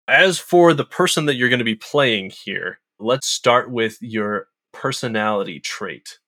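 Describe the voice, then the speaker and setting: A man's voice: mid-range voice, animated, unhurried, bright, forceful tone, no room sound, studio quality. Upbeat male podcast host. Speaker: podcast host and game master. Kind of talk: casual podcast chat.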